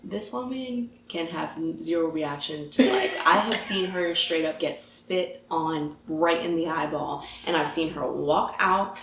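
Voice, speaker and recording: A woman hosting a casual conversation, chatty and quick to react with exclamations. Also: deep voice, crowd noise. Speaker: host. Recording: roomy echoey room.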